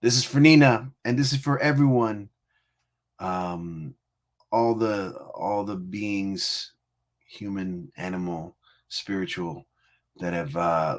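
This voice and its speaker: A man from Connecticut hosting a music livestream, chatting casually in a playful, teasing, rambling way with frequent laughs. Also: deep voice. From Connecticut, USA. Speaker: livestream music show host.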